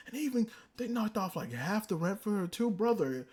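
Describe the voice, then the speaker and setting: A high, lively man ranting. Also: a little fast. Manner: excitable, profane ranting. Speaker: anime reviewer. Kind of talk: casual commentary. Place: indoors, a room.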